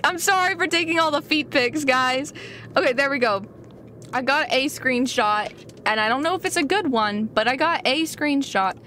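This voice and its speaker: A young woman streaming a video game, reacting excitably with frequent gasps and laughter as she chats casually. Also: on the high side, slight background noise. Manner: excitable, gasping and laughing often. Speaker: gaming streamer. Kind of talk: casual gameplay commentary.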